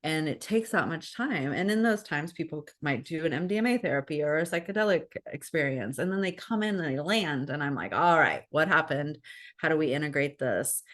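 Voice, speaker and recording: A woman with a low voice talks through a video call as a wellness coach. She speaks frankly and earnestly, circling back on herself with restarts as she explains her work. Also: animated, a little fast, hardly any pauses. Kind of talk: casual talk on a group video call.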